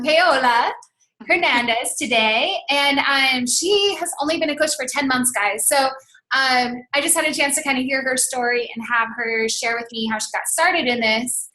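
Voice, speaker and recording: High, bright enthusiastic woman host. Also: moderate pace. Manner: upbeat, enthusiastic, frequent fillers. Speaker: webinar host. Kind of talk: webinar introduction. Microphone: call recording.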